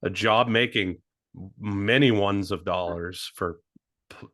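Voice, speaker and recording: Low-voiced laid-back male podcast co-host. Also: slow pace, a bit bright. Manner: laid-back, laughs often, dry asides. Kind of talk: comedic sports podcast banter.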